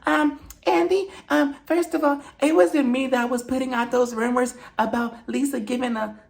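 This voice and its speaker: A man putting on the voice of a reality-TV wife who insists she did nothing wrong, in a high, drawling, sing-song tone. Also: steady tone, normal speed, gravelly. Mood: defensive.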